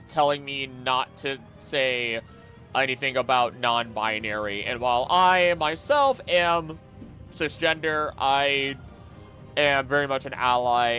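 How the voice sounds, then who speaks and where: Man, casual streamer, reads aloud fast, mumbles filler, flares into rants, soft music behind. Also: medium pitch. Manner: skims text aloud quickly with mumbled filler; bursts into loud, heated rants. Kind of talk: casual live-stream chat, reading aloud.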